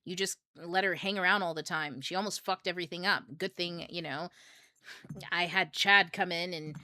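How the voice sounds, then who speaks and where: A woman's voice: fairly low pitch, fairly even intonation, moderate pace, sharp tone. A woman doing a blunt, foul-mouthed inner soul. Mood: dismissive. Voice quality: profane, offhand.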